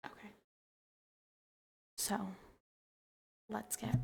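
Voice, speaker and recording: A young woman livestreams casually while drinking wine, a bit tipsy, giggling as she chats and thanks her viewers. Her high, expressive voice moves at a measured pace with vocal fry and long pauses, over slight background noise.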